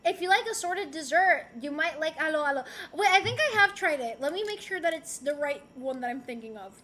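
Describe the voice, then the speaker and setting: A woman's voice: high-pitched, animated, brisk, few pauses, pushed and bright, a little hiss or hum. A young woman from Rico, chatting casually and playfully on a livestream as she reads and answers chat messages. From Puerto Rico. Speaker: streamer.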